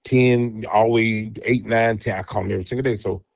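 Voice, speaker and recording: A man's voice: lowish voice, brisk, creaky, no room sound. A middle-aged man, telling personal stories as a guest and acting out the people in them. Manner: animated storyteller acting out quoted dialogue. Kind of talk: candid storytelling interview.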